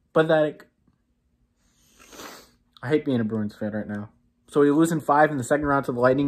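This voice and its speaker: A woman hosting a sports fan channel, giving an exasperated, scolding reaction rant that swings between low muttering and raised outbursts.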